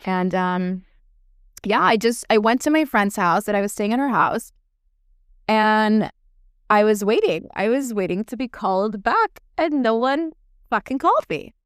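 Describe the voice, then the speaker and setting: Podcast host, woman, very smooth clear voice, dry close sound, chatty and profane. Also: medium pitch, animated, measured pace, no echo. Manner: chatty, swears freely, lots of "like" fillers. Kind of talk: casual storytelling monologue.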